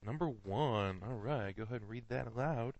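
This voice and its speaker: A man's voice: medium pitch, normal speed, a little mellow, dry recording. A man hosting a comedy podcast, directing the show and prompting his co-hosts to read items aloud. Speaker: podcast host. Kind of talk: casual comedic chat. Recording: dull, dry lo-fi mic.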